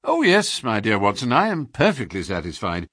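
A man reading an audiobook, voicing a sharp, confident detective in a crisp, assured way. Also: on the low side, wildly swooping pitch, moderate pace, dry recording, heavily acted. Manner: crisp and assured, dry wit. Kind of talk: audiobook character voice.

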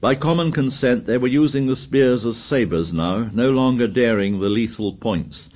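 Medium in pitch, this male audiobook narrator delivers a novel as scripted narration. His storytelling is even and measured.

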